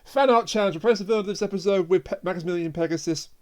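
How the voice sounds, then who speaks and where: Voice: mid-range voice, rapid-fire. A podcast host in casual chat, joking around, laughing often and stumbling over words. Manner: jokey, laughs a lot, trips over words.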